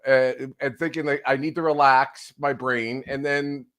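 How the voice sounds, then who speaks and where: A man's voice: medium pitch, fairly even intonation, a bit bright. A man with a New Jersey accent, a lawyer guest chatting on a live panel over a video call, joking at his own expense. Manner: chatty, self-deprecating, quick laughs.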